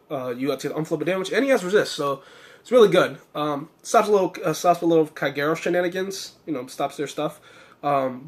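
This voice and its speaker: Talking through his card deck in a relaxed way, this young man sounds slightly hoarse and pitches his voice fairly high, tripping over fillers and correcting himself a lot.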